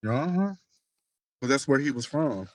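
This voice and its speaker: A man gossiping with his best friend on a phone call. He tells lively, profane stories in slangy talk. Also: medium pitch, a little slow, no room sound.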